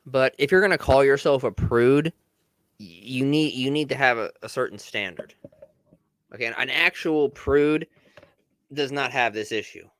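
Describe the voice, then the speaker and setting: Bright, blunt male commentator. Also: medium pitch, moderate pace, dry recording. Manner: blunt, casual, stumbling over restarts. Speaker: commentary host. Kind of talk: reaction commentary.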